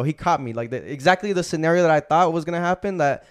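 Young male podcast host, casual storyteller, heavy slang and cursing, voice a bit on the high side. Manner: profane, fast-flowing street slang.

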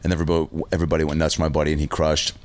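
A man, a stand-up comedian, telling a story in casual chat, swearing freely and loudly acting out the people he quotes. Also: very deep voice, completely flat delivery, rapid-fire.

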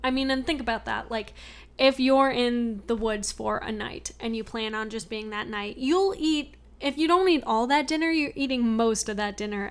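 Woman, fairly high voice, expressive and curious in casual chat. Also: moderate pace, clean tone. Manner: expressive, groans and asks questions. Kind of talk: casual film discussion.

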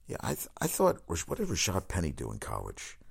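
A man hosting a solo sports podcast, talking in a rambling, excitable way with crude asides and frequent self-corrections. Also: low-pitched, a little fast, vocal fry, husky.

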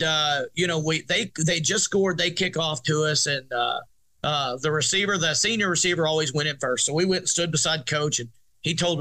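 A middle-aged man, a football coach telling a story in an interview with many restarts. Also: fairly high pitch. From Arkansas, USA. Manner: animated, rambling restarts, laughs through story. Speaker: high school football coach, guest.

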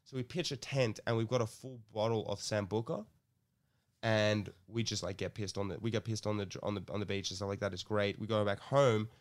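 A man's voice: on the low side, steady tone, fairly quick. A young man telling a rambling story in casual chat, swearing and restarting often. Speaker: guest storyteller.

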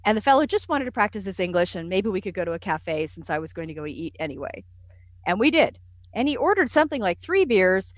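A woman being interviewed, telling travel stories in a lively, self-deprecating way with frequent fillers. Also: medium pitch, quick pace, dry recording. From United States. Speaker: interview guest. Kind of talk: conversational storytelling.

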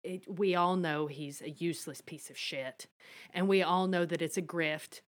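A woman's voice: on the low side, steady tone, moderate pace. Woman, podcast co-host, casual recap chatter, blunt and laughing. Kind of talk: casual chat recapping a period drama.

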